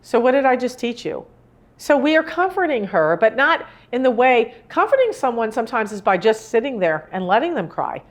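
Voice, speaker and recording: A woman's voice: on the high side, sing-song, moderate pace. A woman in her sixties giving a live talk on grief, speaking in an earnest, rambling, conversational way. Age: 60s. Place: indoor room with a live audience.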